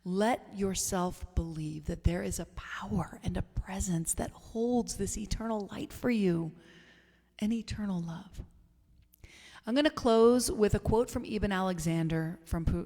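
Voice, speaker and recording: A woman minister giving a gentle, meditative sermon, soft and unhurried, sometimes sinking toward a whisper. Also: medium pitch, vocal fry. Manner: soft, slow, gentle, drifting into near whispers. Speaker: spiritual minister. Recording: long hall reverb, faint music.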